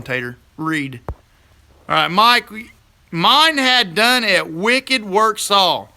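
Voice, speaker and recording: A man's voice: high voice, sharp tone. A middle-aged man hosts a casual live stream, chatting folksily with viewers and laughing easily.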